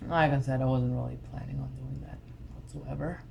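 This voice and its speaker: A woman's voice: extremely low pitch, steady tone, fairly quick, creaky, a little mellow, roomy sound, slight background noise, rough recording. A young woman chewing gum, chatting casually and apologetically through an unscripted hair tutorial at home. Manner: chatty, apologetic, rambling with fillers. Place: home room in front of a mirror.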